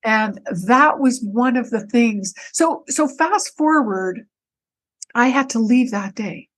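Woman, podcast guest, personal storytelling, fairly high voice, animated, restarts and repeats words. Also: takes it slowly, low-quality recording. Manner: animated, breaks into her own quoted speech.

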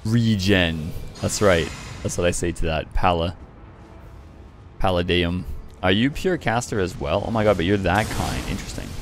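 A man's voice: deep voice, animated, moderate pace, faint music behind. A young man commentating his own gameplay at a desk mic, teasing his opponents playfully and laughing gleefully. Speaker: gaming YouTuber.

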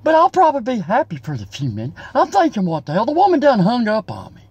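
A man's voice: very high voice, wildly swooping pitch, fast talker, husky, dry recording, exaggerated voice. A comedian playing a broke, worked-up Southern man from South Carolina who rambles and cusses in a drawl, in a comic character monologue. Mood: upset ranting.

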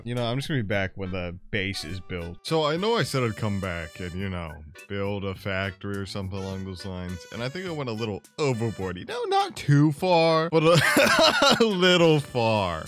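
A young man giving sarcastic, joking gameplay commentary. He talks wryly and breaks into sudden loud squeals. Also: on the low side. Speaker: gameplay YouTuber.

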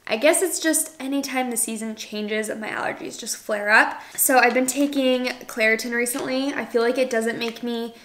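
A woman's voice: fairly high pitch, steady tone, moderate pace, few pauses, fairly bright tone. A young adult woman talking casually to camera in a chatty vlog, full of "like" fillers. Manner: chatty, filler-heavy with lots of "like". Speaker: lifestyle vlogger and podcast host.

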